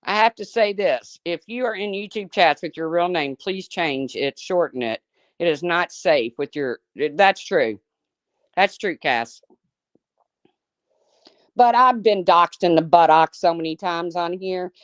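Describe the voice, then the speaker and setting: Speaking in a lowish, measured voice, this middle-aged livestream host swears freely and doesn't mince words. The recording is dry with clean studio sound, and she tells folksy stories in between reading viewers' names aloud in a casual chat.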